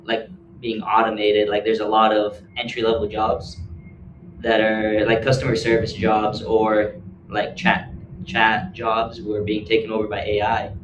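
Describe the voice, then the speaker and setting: A man's voice: fairly low pitch, monotone, measured pace, highs cut off. A young man co-hosting a casual podcast, talking loosely and filling gaps with "like". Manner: loose, filler-heavy, says "like" often. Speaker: podcast co-host. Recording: echoey room, faint background hiss.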